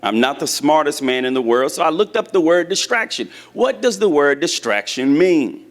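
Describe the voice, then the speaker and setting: A man's voice: a little high, big pitch swings, normal speed. A man preaching a sermon in a church, talking conversationally and asking the congregation questions. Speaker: church teacher.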